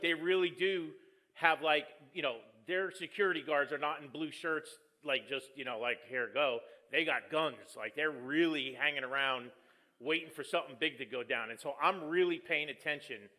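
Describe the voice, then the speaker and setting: A pastor delivers a relaxed, conversational sermon in a bright, forceful voice pitched a little above the usual for a man. He tells stories and pokes fun at himself as he goes. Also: normal speed. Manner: joking, storytelling, self-deprecating.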